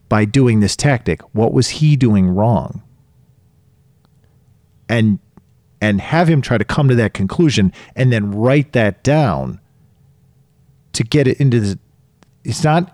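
A man's voice: medium pitch, darkish tone, dry recording, clean studio sound. A middle-aged man, a coach, talking casually and emphatically, repeating key phrases and acting out quotes. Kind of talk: casual chat.

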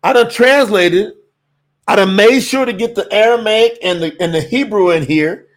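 A man teaching scripture on a livestream, preacherly and animated, bursting into shouts. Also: high-pitched, moderate pace. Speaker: Bible teacher and livestream host.

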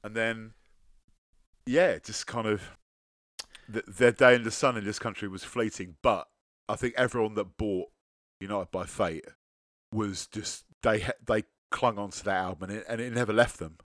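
A man co-hosting a casual music podcast, chatty with halting restarts and casual swearing. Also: lowish voice, fairly even intonation, fairly bright tone, no echo, clean studio sound. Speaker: podcast co-host.

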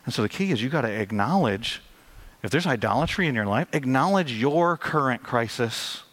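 A man's voice: medium pitch, expressive, normal speed, fairly bright tone. A male pastor preaching a conversational sermon, acting out quotes with lots of energy.

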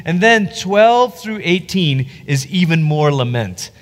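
High-voiced man, pastor, reverberant room. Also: normal speed, few pauses. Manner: animated, acts out quoted voices. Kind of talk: Bible teaching discussion.

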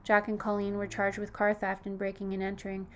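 A woman narrates a horror story in a steady, scripted reading. Her voice sits at a middle pitch and stays flat, with little rise and fall. She lifts it only a little when she quotes a character. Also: fairly quick, slight background noise. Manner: even, steady storytelling with lifted quoted lines.

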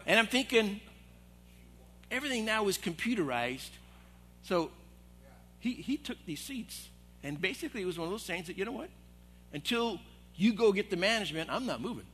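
A man's voice: high voice, moderate pace, long pauses, husky. A middle-aged man, an assistant pastor, telling a story in a sermon and acting out the voices of the people in it. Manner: animated, acts out quoted voices. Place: church hall.

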